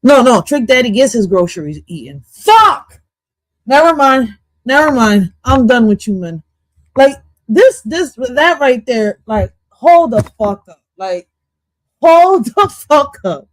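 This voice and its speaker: A woman's voice: a little high, very animated, a little slow, no room sound. A woman reacting to a podcast clip on her stream, goofy and swearing, slipping into now and then. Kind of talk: casual reaction commentary.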